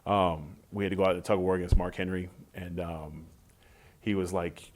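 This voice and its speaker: A middle-aged former wrestler in a casual shoot interview, telling animated stories and acting out what others said. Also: male voice, a little fast. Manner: animated storytelling, acts out quotes in high voices.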